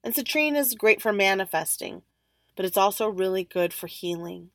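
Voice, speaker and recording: A woman hosting a podcast, telling a story in an animated way and acting out the other people's lines. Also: medium pitch, moderate pace, dry recording. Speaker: podcast host. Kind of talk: storytelling monologue.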